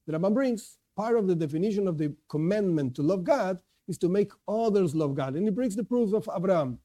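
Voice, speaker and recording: Male lecturer, religious class, earnest and emphatic, voice pitched somewhat high. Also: lively intonation, brisk, dark tone. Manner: earnest, stresses key words, repeats and restarts. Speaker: Torah teacher.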